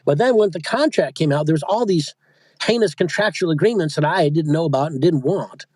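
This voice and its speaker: A man's voice: fairly high pitch, a little fast, darkish tone, dry recording. A man, an audiobook narrator and coach, talking casually in an interview, rambling and often restarting his sentences. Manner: rambling, self-interrupting, chatty.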